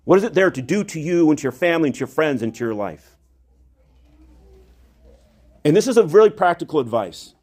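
Male priest, husky voice, lively pitch, earnest repetitive preaching, church sermon. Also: brisk, long pauses.

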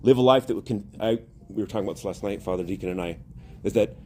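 A man's voice: on the low side, quick pace, warm tone, a little hiss or hum. A male priest preaching a sermon, earnest and rising to emphatic exhortation.

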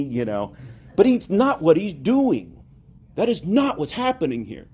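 A man preaching a homily, telling a story with lively acted-out dialogue. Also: fairly high pitch, moderate pace, husky. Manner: animated storytelling, acts out quoted dialogue.

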